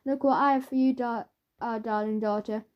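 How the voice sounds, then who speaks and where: A woman's voice: on the high side, steady tone, normal speed, close to an everyday voice. A woman voicing a skinny, bedraggled father who talks grandly and splutters, from a storybook, on a dull lo-fi recording. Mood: pompous. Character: skinny bedraggled middle-aged father, pompous, flustered.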